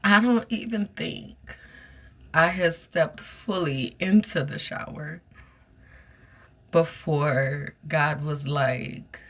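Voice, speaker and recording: A woman hosting a podcast, recounting a personal experience in an earnest, emotional monologue with a soft voice. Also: low-pitched, slow. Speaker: podcast host.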